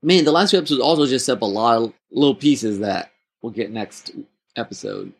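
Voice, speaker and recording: A man's voice: mid-range voice, a little fast, vocal fry, breathy edge. A man co-hosting a casual chat, joking and acting out mock quotes. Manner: playful, acts out mock quotes. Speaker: podcast co-host.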